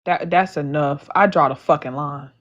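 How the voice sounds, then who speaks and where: A woman's voice: deep voice, moderate pace, dull audio. A woman, brash and profane, in a live-stream chat. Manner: brash, profane, mock-angry.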